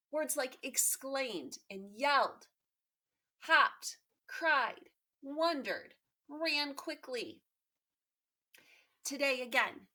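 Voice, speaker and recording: Bright, emphatic woman teacher. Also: fairly high pitch. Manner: emphatic, repetitive, encouraging. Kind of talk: recorded remote lesson for pupils.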